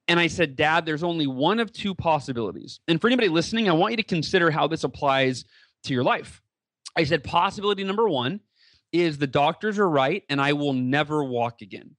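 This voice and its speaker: A man's voice: fairly high pitch, animated, brisk, fairly bright tone, dry recording. A man in his thirties, a podcast guest, telling a personal story animatedly, acting out dialogue with many fillers and restarts.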